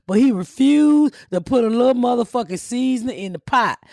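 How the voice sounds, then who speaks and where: A middle-aged woman hosts a casual comedy podcast, loud-mouthed and profane as she roasts her friends. Her voice sits high with a gravelly fry running through it. The sound is close and dry. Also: lively intonation, normal speed, few pauses, no echo. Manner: brash, profane, roasting with laughs. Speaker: podcast host.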